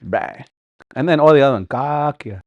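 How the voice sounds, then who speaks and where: A middle-aged man leads a language class, speaking slowly with a lively, rising-and-falling pitch. He repeats each word several times and breaks into chanted song lines and laughter. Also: no echo. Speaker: language teacher.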